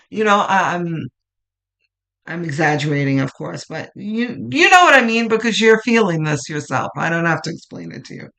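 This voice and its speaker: With an animated, medium-pitched voice touched by vocal fry, a tarot reader leads a pick-a-card reading at normal speed. The manner is soothing and gentle, marked by frequent restarts and softly trailing lines.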